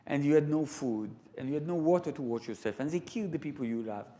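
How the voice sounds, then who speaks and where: A man's voice: a little high, lively intonation, fast, dark tone, natural voice. A man doing an earnest polite little boy. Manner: earnest, dutiful.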